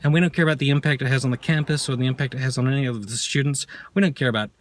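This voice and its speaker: A man's voice: medium pitch, steady tone, racing, slight background noise. A man ranting heatedly in an opinion vlog, sarcastic and profane. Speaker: vlogger. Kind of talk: angry opinion rant.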